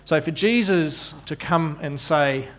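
Slow-talking male preacher with wry asides. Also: fairly high pitch, fairly bright tone. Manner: frequent repeated words and restarts, wry asides. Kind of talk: sermon.

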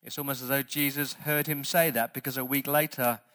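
A man pastor preaching a sermon, stressing words loudly and then dropping to quiet asides. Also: medium pitch, steady tone, fairly quick. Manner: emphatic preaching, swings between loud stresses and quiet asides.

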